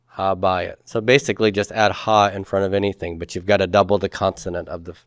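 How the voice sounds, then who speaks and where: Low-voiced man teaching a class. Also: level tone, fast talker, no echo, clean studio sound. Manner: patient, asks the class to repeat words. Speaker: Hebrew teacher. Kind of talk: classroom grammar lecture.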